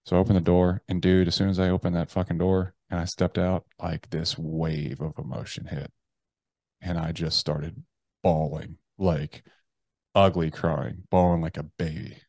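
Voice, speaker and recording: Blunt, profane man with a low voice. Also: flat delivery, creaky, darkish tone, no echo. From United States. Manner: blunt and profane, with slangy address; halting, with frequent restarts. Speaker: podcast guest. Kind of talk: personal storytelling in conversation.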